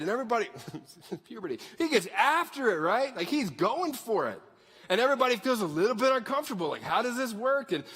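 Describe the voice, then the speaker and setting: Male pastor, bright high voice with wide swings, conversational and joking, preaching in a reverberant hall. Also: husky. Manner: animated, conversational, jokey. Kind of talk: sermon. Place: church sanctuary.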